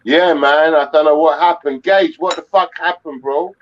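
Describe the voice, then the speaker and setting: A man's voice: fairly high pitch, steady tone, moderate pace, highs cut off. A sleepy man with an English accent, calling into a stream, drowsy and laid-back, calling people darling. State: sleepy, just woke up. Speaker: caller on the stream.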